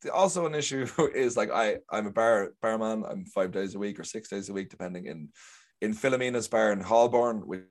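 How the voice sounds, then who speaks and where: Irish guy, lowish voice, rambly storyteller doing little voices for people. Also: expressive, brisk. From Ireland. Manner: chatty, rambling storyteller who acts out quotes. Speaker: guest actor. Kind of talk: casual chat.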